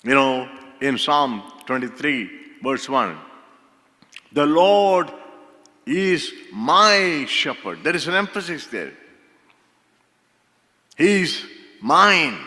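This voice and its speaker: Pastor guy from india preaching real slow, bright voice, church hall echo. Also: on the high side, animated. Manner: slow, emphatic preaching with repeated phrases. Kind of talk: sermon. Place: church sanctuary. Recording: long hall reverb.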